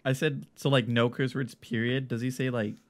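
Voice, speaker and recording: A man co-hosting a podcast, chiming in with quick reactions in casual chat. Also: medium pitch, level tone. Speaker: podcast co-host.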